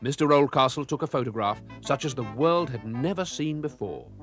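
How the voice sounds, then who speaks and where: A man narrating a children's storybook with a lively, expressive reading. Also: mid-range voice, moderate pace, over music.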